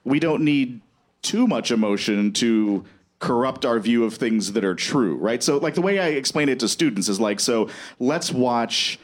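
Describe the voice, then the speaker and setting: A man's voice: mid-range voice, animated, normal speed. A man, a teacher explaining politics in a casual radio talk, rambling and correcting himself. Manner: rambling, self-correcting, laughs often. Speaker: political science teacher, guest.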